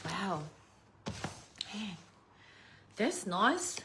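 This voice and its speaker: A middle-aged woman chatting to her camera in a loose, unscripted way. She swears freely and breaks into laughter often. Her voice sits at an ordinary, middle pitch for a woman. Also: very animated, extremely slow, noisy background. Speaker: vlogger. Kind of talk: casual unboxing chat.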